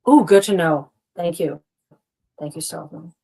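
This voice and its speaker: A woman co-hosting a relaxed chat show, talking in a loose, rambling way. She restarts her sentences often and fills them with "like". She stays animated throughout and laughs easily at herself. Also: fairly low pitch, moderate pace, breathy edge. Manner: chatty and rambling, full of "like" and restarts. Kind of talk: casual chat.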